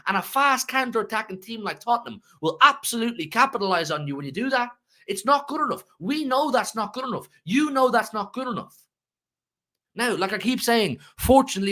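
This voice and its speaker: Man, fan channel host, emotional rant, repeats himself, bright edgy voice. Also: sits high. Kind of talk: heated football rant to live chat.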